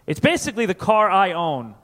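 A man's voice: high-pitched, sing-song, a little fast, a bit bright. A man from Connecticut doing a loose, self-mocking stand-up comedy set, slipping into voices. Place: comedy club stage. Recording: live in a reverberant club.

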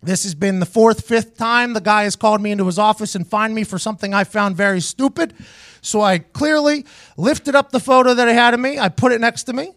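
A man hosting his podcast, telling a story in a casual, animated and profane way, laughing often. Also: sits high, a little fast, no room sound, clean studio sound. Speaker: host.

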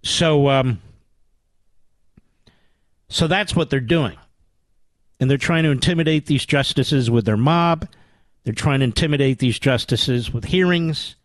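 A man's voice: medium pitch, a little slow, long pauses, no room sound. A man hosting a political talk radio show, combative and sarcastic.

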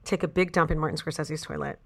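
A woman with a slightly low voice tells a personal story as an interview guest. She talks in a chatty, animated way and leans on fillers like "like" and "you know". She sounds like an actress recounting a backstage anecdote. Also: fast talker, creaky, husky.

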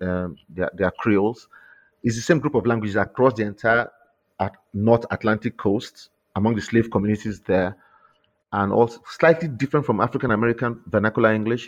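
A man with a Nigerian accent, an author talking in an interview with lively, repeating restarts. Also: on the low side, lo-fi sound. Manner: animated, repeats words when restarting. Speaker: author and guest. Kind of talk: interview conversation.

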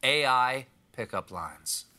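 A man's voice: mid-range voice, animated, takes it slowly, pushed and bright. A man hosting a late-night comedy show, delivering a wry monologue with punchy jokes and mock outbursts. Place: small storage closet.

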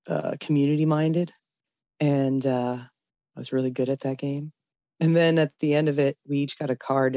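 A woman's voice: low-pitched, warm tone, no echo, dull audio. A woman caller telling a story in a rambling, hesitant way, with lots of "uh" and "like". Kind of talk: casual storytelling.

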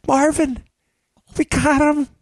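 A man doing a shrill, giddy conspiracy sleuth. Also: level tone, takes it slowly, no room sound, heavily acted. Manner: shrill, gleeful mockery. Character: giddy overexcited male conspiracy investigator.

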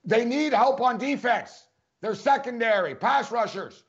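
High-voiced emphatic sports talker, a man. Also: expressive, measured pace, highs cut off. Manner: emphatic, repeats points for stress. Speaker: sports podcast co-host. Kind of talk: casual sports talk.

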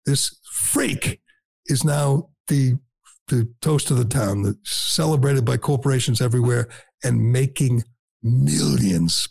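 A man's voice: mid-range voice, slow pace, gravelly, darkish tone, breathy edge, dry recording. A man hosting a talk radio show, delivering blunt, sarcastic, combative commentary.

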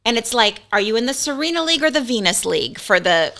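A woman's voice: on the high side, big pitch swings, fast talker, creaky, a bit bright. A middle-aged woman co-hosting a casual chat, telling stories in a chatty way full of likes. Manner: chatty storytelling with many likes. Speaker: podcast co-host.

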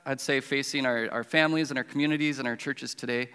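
Guy preaching, chatty storyteller, bright ringing voice, big echoey hall. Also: medium pitch, steady tone, quick pace, clean tone. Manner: conversational, self-deprecating storyteller with frequent restarts. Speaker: pastor. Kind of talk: sermon with personal storytelling. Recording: reverberant hall.

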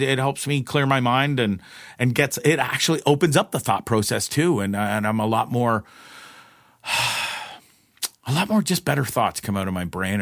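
A man's voice: medium pitch, dry recording, clean studio sound. A middle-aged man hosting a podcast, telling a personal story in a loose, profane monologue with frequent laughs. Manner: animated, profane, laughs often, voices others in quotes. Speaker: podcast host.

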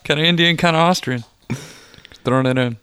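A man's voice: a little high, a little fast, sharp tone, clear, resonant tone, no room sound. A man chiming into a casual comedy podcast with short jokey remarks. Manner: short interjections, jokey put-on accents.

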